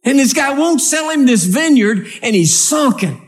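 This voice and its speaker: A man's voice: very high voice, normal speed. A male preacher giving a humorous sermon to a live church audience, reading scripture and acting out scenes. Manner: animated storytelling, acts out scenes.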